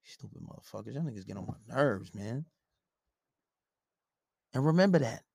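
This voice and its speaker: A man's voice: mid-range voice, lively intonation, normal speed, gravelly, darkish tone, slightly rough, no room sound, studio quality. A man delivering a blunt, profane advice rant in a confrontational way. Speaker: relationship advice commentator. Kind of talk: ranting advice monologue.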